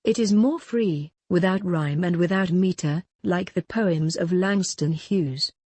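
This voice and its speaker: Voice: mid-range voice, unhurried, a little mellow. A literature teacher giving a recorded lecture, reading out definitions and then restating each one in plainer words.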